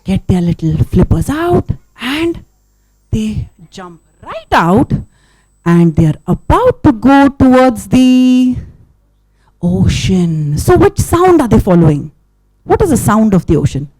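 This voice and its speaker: A woman telling a story to children at a live event, bouncing her fairly high voice up and down. She peppers the tale with playful sound effects and keeps asking her young listeners questions. Her voice sounds close and dry, with hardly any room around it. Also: slow pace, breathy edge, no room sound. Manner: animated, asks the audience questions, sound effects.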